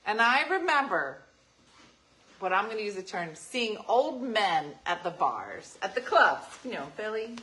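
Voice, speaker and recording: A woman's voice: medium pitch, sing-song, a little slow, pushed and bright, slight background noise, poor audio. A woman, chatting as a talk show co-host and telling stories playfully with acted-out asides. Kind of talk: casual chat.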